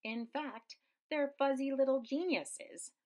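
A woman reading a children's picture book aloud with very expressive swings in pitch and loudness. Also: takes it slowly. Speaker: storyteller.

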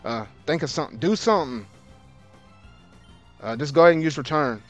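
A man with a slightly high, very animated voice, commenting on his own gameplay. He swings from low grumbling to loud exasperated outbursts, repeating himself in casual slang. Faint game music plays underneath. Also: brisk. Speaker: gaming video host. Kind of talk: let's play commentary.

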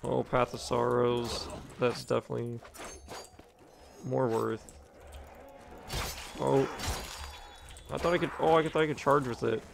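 A young man with a deeply gravelly, fry-heavy voice mutters and curses his way through a gaming session, offhand and profane. The recording from his home mic carries clear background noise and keyboard clatter. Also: steady tone, a little slow, long pauses. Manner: profane, offhand, talking to himself. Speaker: gaming commentator. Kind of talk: casual gameplay commentary.

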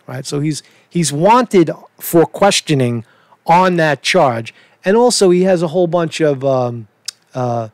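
A man's voice: fairly high pitch, dry recording. A middle-aged man with a Brooklyn accent, ranting profanely in a rambling commentary and often asking "right?". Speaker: online commentator.

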